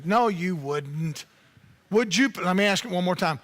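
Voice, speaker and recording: A man delivers a sermon in a high, bright voice. He preaches in a loose, conversational way and keeps turning to the congregation with playful asides. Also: animated, measured pace. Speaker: pastor.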